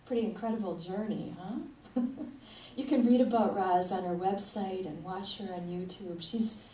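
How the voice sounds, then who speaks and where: Her voice mid-range and mellow at a normal speed, a woman spiritual leader talks through a conversational sermon and chuckles frequently. The sound comes from a distant mic in an echoey hall, with faint noise.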